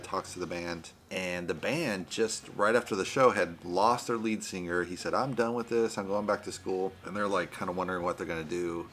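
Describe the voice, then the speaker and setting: Low-voiced man reviewing a movie. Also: fairly bright tone, slight background noise. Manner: rambling, often says "you know" and "right". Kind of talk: casual vlog movie review.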